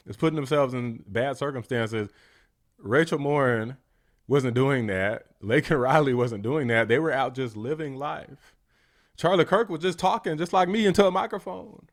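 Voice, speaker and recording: A man hosting a reaction commentary, ranting and mocking in a blunt, heated way. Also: fairly high pitch. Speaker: political commentary host.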